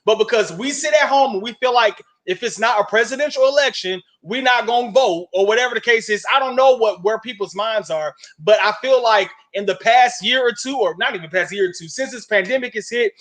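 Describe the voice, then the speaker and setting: A man co-hosting a talk show, speaking in a measured, reflective way that turns quick and pointed as he makes his case. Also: very high-pitched, a bit bright. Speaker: podcast co-host. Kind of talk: panel commentary.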